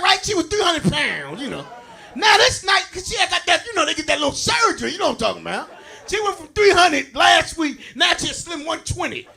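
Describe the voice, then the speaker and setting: This is a man performing a stand-up routine, speaking directly to the audience in an extremely high-pitched voice. He's loud and rowdy, laughing through his material and shouting out the punchlines.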